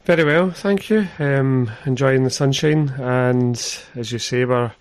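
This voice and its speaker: A man's voice: medium pitch, unhurried, no room sound. A man joining a casual podcast chat as a guest, easygoing and polite.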